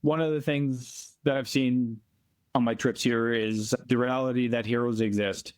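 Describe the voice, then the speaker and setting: A man from Canada, a volunteer being interviewed remotely, telling earnest stories in a plainspoken, emphatic way and slowing down to stress points. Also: medium pitch, fairly even intonation. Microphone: remote call from abroad.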